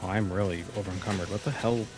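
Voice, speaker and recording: Low-voiced man chatting over gameplay. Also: fairly even intonation, racing. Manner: chatty, reacting aloud to the game. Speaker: streamer. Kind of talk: casual gameplay commentary. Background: game music.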